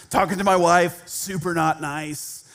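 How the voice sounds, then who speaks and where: A man's voice: high-pitched, vocal fry, fairly bright tone. A male pastor telling a personal story in a conversational sermon, self-deprecating and laughing at himself.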